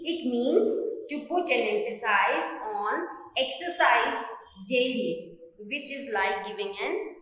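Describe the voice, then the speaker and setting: Slow, careful Indian woman teaching grammar. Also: on the high side, lively intonation, fairly bright tone. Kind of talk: grammar lesson. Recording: echoey room with long reverb.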